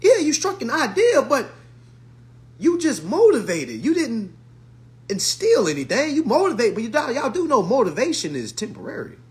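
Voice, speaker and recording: A man giving an emphatic, casual rant to camera, swearing and swinging from hushed to loud. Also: very high-pitched, wildly swooping pitch, moderate pace. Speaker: vlogger.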